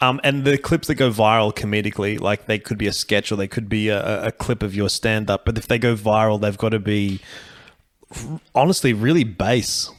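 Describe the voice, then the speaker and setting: Rambling, laid-back man, low voice. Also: a little fast. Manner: loose, rambling, swearing, laughing often. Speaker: comedian guest. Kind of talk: casual podcast chat.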